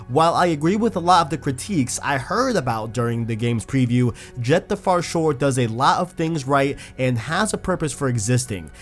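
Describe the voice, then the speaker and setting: A man with a stuffy, congested voice from illness, talking casually at first and then reading a scripted game review. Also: on the high side.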